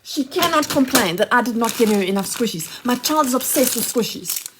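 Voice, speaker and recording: Gushing woman with a lively pitch. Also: a little fast, background noise. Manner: gushing, excitable, exclaiming. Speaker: haul vlogger, mother. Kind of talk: casual unboxing chat.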